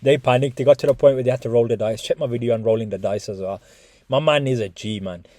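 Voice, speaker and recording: A man's voice: medium pitch, fast, no room sound. A man giving casual, swearing boxing reaction commentary to his viewers. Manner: swearing, animated, talks to viewers as guys. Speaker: boxing YouTuber.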